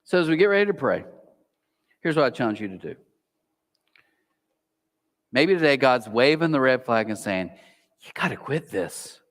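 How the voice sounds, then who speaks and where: A man preaching a sermon as pastor, animated, sometimes acting out a whispering inner voice. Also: mid-range voice, moderate pace, long pauses. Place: large church auditorium. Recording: long hall reverb.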